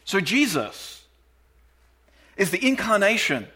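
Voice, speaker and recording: A man preaching a sermon, reading scripture aloud in a measured, emphatic way and slowing down on key phrases. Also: high-pitched, big pitch swings, pushed and bright, husky.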